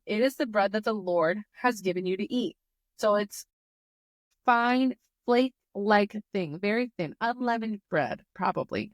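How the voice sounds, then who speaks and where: A woman's voice: mid-range voice, no room sound. A young woman hosting a Bible study, reading passages aloud and breaking in with chatty, sarcastic asides. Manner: reads scripture then reacts with chatty, sarcastic asides. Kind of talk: casual Bible reading with commentary.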